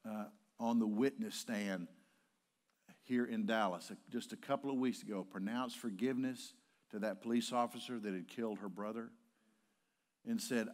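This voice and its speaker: An older man, a pastor, preaching a sermon and telling stories, at times rising to impassioned shouting. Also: lowish voice, normal speed. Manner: storytelling, building to impassioned shouting. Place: church sanctuary.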